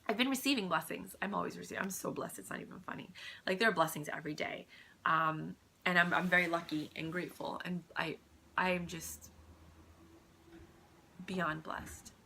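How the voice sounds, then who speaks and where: Woman, gravelly, bright, soft earnest home vlog, drops into whispers. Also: fairly low pitch, normal speed, slight background noise. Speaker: vlogger. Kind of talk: personal spiritual vlog.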